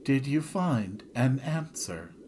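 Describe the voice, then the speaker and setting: A man voicing a hollow, emotionless young female clone with a flat, robotic delivery while reading video game dialogue. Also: medium pitch, slow pace, slight background noise.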